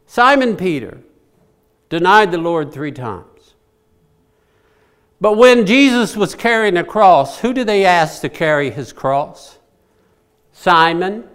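A man's voice: on the high side, expressive, unhurried, long pauses, fairly bright tone, clear, resonant tone. A man preaching a sermon, who repeats his key phrases and puts questions to the congregation. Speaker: pastor.

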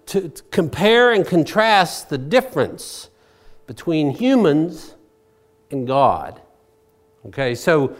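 A man preaching a sermon as a pastor, telling the story in a folksy way with personal asides. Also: on the high side.

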